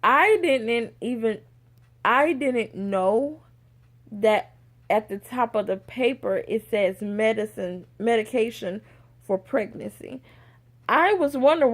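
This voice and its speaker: A young adult woman telling a personal story in a casual vlog, animated and acting out what others said. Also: on the high side. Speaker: vlogger.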